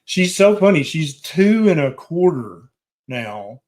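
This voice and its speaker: Plain-spoken doctor hosting a live show. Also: male voice, on the high side, very animated, slow, a little mellow. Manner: plain-spoken, direct, reassuring advice. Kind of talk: casual live-stream chat, reading viewer questions aloud.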